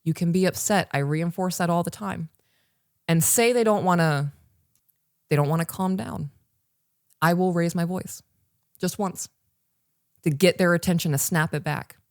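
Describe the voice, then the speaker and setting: A woman in her thirties co-hosts a casual parenting podcast recorded live for online patrons, speaking emphatically and directly to the listener. Her voice is lowish and her pace normal, with long pauses. The studio-quality recording is dry, with no room sound.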